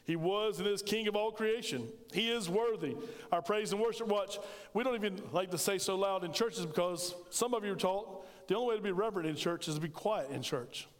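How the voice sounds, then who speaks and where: A man's voice: sits high, fairly quick. A middle-aged man preaching a sermon as pastor, telling stories with animation and joking with the congregation. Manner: storytelling, animated, jokes with congregation. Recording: reverberant church sanctuary.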